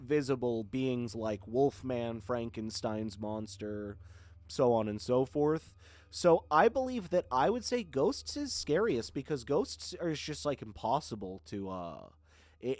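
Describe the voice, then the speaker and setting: A man's voice: mid-range voice, lively intonation, a little slow, darkish tone, no room sound. A man in his twenties from Florida, chatting casually with viewers on a live stream, rambling and thanking people often. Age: 20s. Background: faint horror music.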